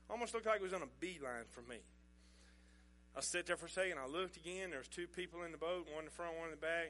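Middle-aged man, pastor telling a sermon story, chatty, chuckling, bright tone. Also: sits high, brisk. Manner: folksy, chuckling, conversational.

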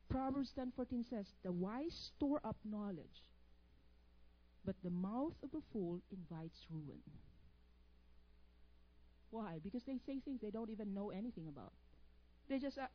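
Animated high-voiced woman preacher. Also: muffled recording. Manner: animated, quizzes the congregation for missing words; playful, teasing asides. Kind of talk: sermon.

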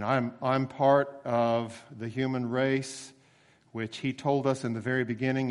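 A male preacher tells his sermon like a story, casual and unhurried, then slows right down to lean on the words that matter. His voice rings out with a long echo, as if from a big church hall, and sits at an ordinary middle pitch for a man. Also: level tone, smooth. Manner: conversational storytelling with emphatic slowed phrases.

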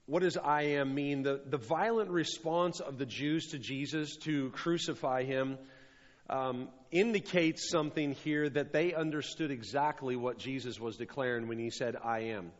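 A man's voice: medium pitch, normal speed. A man preaching a sermon as a pastor, stressing and repeating key phrases. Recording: dull sound with long hall reverb.

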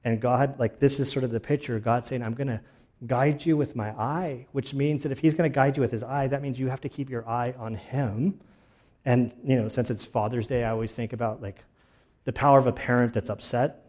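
A man preaching a casual, conversational sermon, relaxed and chatty, often saying "like" and restarting phrases. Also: medium pitch, fairly quick. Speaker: pastor.

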